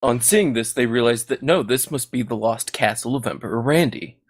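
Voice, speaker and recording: Man, game master, comic storytelling, middle pitch, restarts, laughs at own jokes. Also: normal speed. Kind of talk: narrating a comedic tabletop story.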